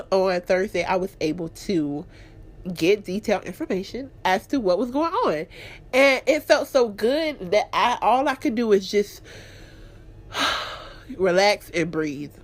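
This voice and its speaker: A woman hosting her own podcast, talking candidly and expressively about her week and her faith, clearing her throat now and then. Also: mid-range voice. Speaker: podcast host. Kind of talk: casual personal talk.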